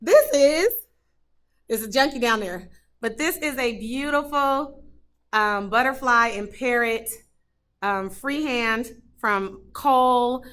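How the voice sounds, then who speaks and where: A woman's voice: fairly high pitch, slow pace, pushed and bright, smooth. A woman who teaches third grade, giving a heartfelt, rambling tour of her classroom, talking casually with lots of fillers. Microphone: camera she carries while touring.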